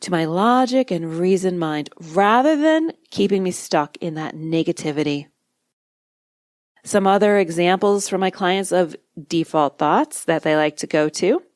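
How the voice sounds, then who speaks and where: Calm, measured woman hypnotist, dry sound. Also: fairly low pitch, no room sound. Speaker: hypnotist and podcast host. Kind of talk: instructional podcast monologue.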